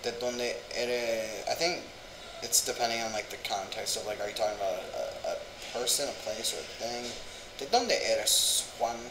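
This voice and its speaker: A man's voice: on the low side, steady tone, fast talker. Young-sounding guy for a casual vlog, rambles and sounds words out aloud, echoey room with light hum. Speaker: vlogger. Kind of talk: casual language-learning vlog.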